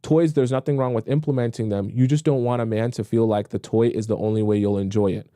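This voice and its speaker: A young man hosts a livestreamed dating advice show, reading viewer questions and answering them bluntly in a casual, repetitive, conversational way, mockingly acting out pleading voices. His voice is fairly low, dark, and steady, and he talks fast; the recording is dry and studio quality.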